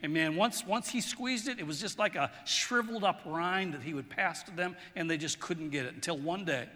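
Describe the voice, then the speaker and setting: A man preaching a sermon in a large church hall, telling stories in a relaxed, chatty way and often repeating words. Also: fairly high pitch, a little fast. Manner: conversational, storytelling, repeats words. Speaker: pastor. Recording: long hall reverb.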